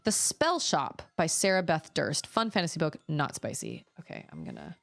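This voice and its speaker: A woman's voice: low-pitched, normal speed, gravelly. A woman streamer chatting casually and rambling about the books she loves. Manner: chatty, rambling, animated when telling stories. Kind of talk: casual chat.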